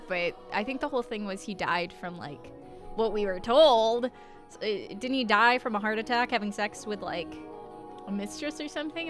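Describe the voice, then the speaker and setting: A woman from the American South chatting casually as she plays through a visual novel, rambling and self-deprecating about her voice acting. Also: on the high side. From Southern United States. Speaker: gaming streamer. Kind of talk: casual let's-play commentary.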